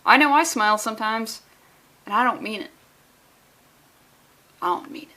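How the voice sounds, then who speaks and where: A woman's voice: on the high side, fairly quick, pushed and bright. Woman reading as a heartbroken pleading young woman.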